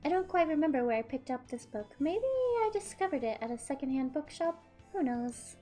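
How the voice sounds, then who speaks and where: A woman putting on a gloating psychopathic young woman from a visual novel, cool and smirking, her voice pitched high yet kept low and hushed, with soft music playing faintly underneath. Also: big pitch swings, brisk. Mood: smug, gloating. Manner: cold, smirking, low and quiet delivery. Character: smug psychopathic young woman who fakes deaths. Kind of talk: reading a visual novel aloud in character.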